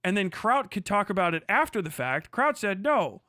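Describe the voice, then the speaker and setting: A man's voice: high-pitched, sing-song, moderate pace, sharp tone, no room sound, clean studio sound. Heated, profane male streamer. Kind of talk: ranting live stream commentary.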